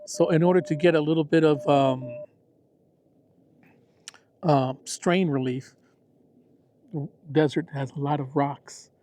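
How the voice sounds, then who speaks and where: Relaxed, mellow-voiced man outdoors. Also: fairly high pitch, slow pace, long pauses, no room sound. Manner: relaxed, chatty, self-deprecating. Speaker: ham radio operator. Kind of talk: casual outdoor vlog narration. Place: outdoors in the desert.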